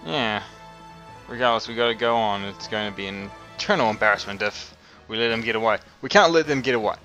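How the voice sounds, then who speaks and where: A let's play host with a low-ish, brisk, sharp-toned voice offers wry, rambling commentary over a video game playthrough, chuckling to himself. The audio is dull and lo-fi, with game music underneath.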